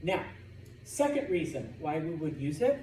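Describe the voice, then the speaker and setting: Male language teacher, mellow voice, classroom lecture, distant mic with light room noise. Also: fairly high pitch, moderate pace. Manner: lively, repeats "okay?" to check understanding. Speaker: Spanish teacher. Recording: echoey classroom from far off.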